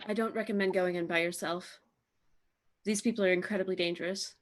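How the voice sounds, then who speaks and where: A woman's voice: on the low side, fairly even intonation, fairly quick. Woman player asking questions. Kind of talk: tabletop game chat.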